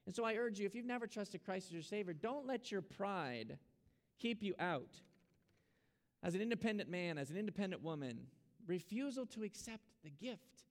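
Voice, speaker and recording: Pastor guy preaching, kinda gravelly, slightly high voice, long church echo. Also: animated, moderate pace. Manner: earnest preaching, urging and exhorting. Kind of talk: sermon. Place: church sanctuary. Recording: long hall reverb.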